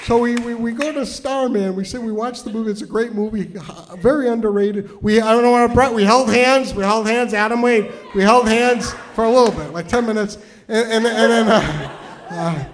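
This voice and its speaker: A man doing stand-up storytelling on stage, rambling with many stammered restarts, swinging from hushed and tender to loud and shouting. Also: sits high, moderate pace, a little hiss or hum. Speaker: storytelling comedian. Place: stage before a live audience.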